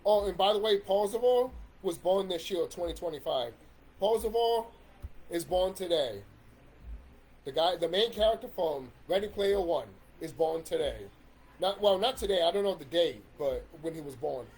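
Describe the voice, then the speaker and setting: A man's voice: high voice, expressive, moderate pace, darkish tone, husky. A man in a casual ranting monologue about video games, swearing and rambling with restarts. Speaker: YouTube commentator.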